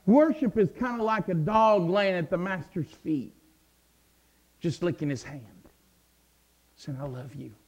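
A male preacher telling a Bible story, repeating words as he builds to fervent shouting. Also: high voice, expressive, slow pace, pauses often, muffled recording. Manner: stammering repetitions, swelling into fervent shouts. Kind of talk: sermon.

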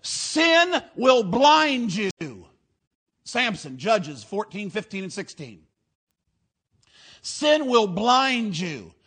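Male preacher, high voice, rhythmic rhyming delivery, shouts for emphasis. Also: big pitch swings, very slow. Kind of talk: fiery sermon.

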